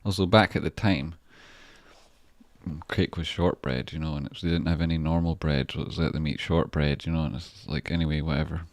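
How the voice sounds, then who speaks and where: A Scottish man with a deep, low voice talks loosely through a livestream, reading out chat and heaping on thanks. He swears freely and rambles in a relaxed way. The sound is close and dry, with no room around it. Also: brisk, dry recording. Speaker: stock trading livestreamer. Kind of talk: casual livestream chat, reading viewer messages.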